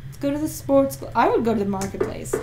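A woman's voice: high voice, expressive, gravelly, darkish tone. A woman co-hosting a let's play, chatting playfully and reading the game's text aloud. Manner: playful, giggly, quick asides. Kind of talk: casual gameplay chat, reading game text aloud. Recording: noisy home recording.

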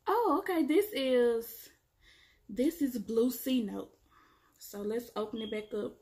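A woman with kids doing a casual, chatty product review, excitedly addressing viewers as y'all. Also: on the high side, takes it slowly. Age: adult, has kids. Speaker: beauty vlogger.

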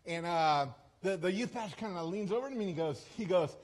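Guy preaching as a guest, kinda high husky voice, rambly and self-deprecating with lots of restarts. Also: expressive, quick pace. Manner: chatty, self-deprecating, with frequent restarts and asides. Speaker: guest speaker. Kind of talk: storytelling sermon. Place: church service.

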